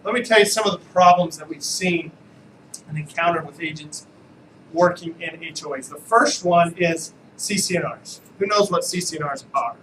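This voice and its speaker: A man's voice: on the high side, normal speed, fairly bright tone, slight background noise, rough recording. A man, an attorney, giving a casual, joking live training talk to real estate agents and asking the room questions.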